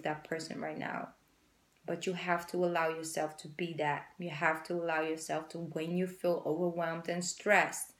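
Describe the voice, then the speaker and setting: A woman with a lower voice talks her way through a tarot reading in a loose, rambling, chatty style. She swears now and then without much thought. Her voice carries a noticeable room echo. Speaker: tarot reader. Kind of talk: casual tarot reading monologue.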